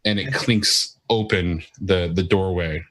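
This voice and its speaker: Game master, male, deep and bright, halting narration with fillers.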